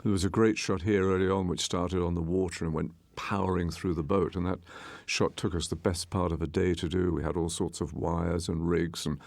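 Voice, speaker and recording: Deep, gravelly man commenting on a film. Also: level tone, a little mellow, dry recording. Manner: measured, explanatory, with small restarts. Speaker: film director.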